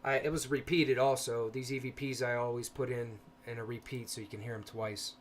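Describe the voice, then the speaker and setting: A man of ordinary pitch talks in a low-key, hesitant way, pausing often with ums as he hosts a casual livestream. A faint hiss of background noise sits under his voice from a home computer mic. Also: level tone. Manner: soft-spoken, hesitant with many ums. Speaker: paranormal livestream host.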